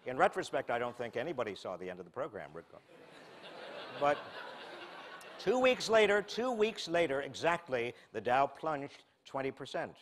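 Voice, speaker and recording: A man in his sixties from the United States giving a humorous public lecture, telling a wry self-mocking story with deadpan asides. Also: a little high, moderate pace, a little hiss or hum. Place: lecture hall before a live audience.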